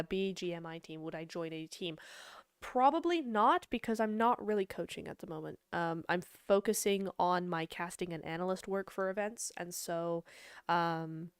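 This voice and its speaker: A young woman casually chatting with her livestream chat as an esports caster and analyst, bubbly and quick to laugh. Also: on the low side, clean tone, no room sound, studio quality.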